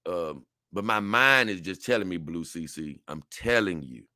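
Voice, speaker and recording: Young male streamer, bright and forceful, dry close mic, reads chat and rambles with laughs. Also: sits low, animated, normal speed, no echo. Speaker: livestream host reading viewer comments. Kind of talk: casual livestream chat.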